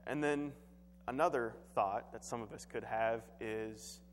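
A man preaching a sermon, reading scripture aloud and then explaining it in an earnest, deliberate way with halting repetitions. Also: mid-range voice, slight background noise. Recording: long hall reverb.

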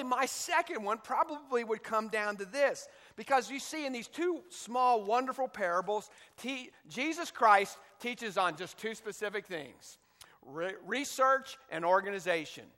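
A man's voice: high-pitched, bright, forceful tone, long reverb tail. A male pastor preaching a sermon, emphatic, reading scripture aloud between points, with an occasional cough. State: coughing now and then.

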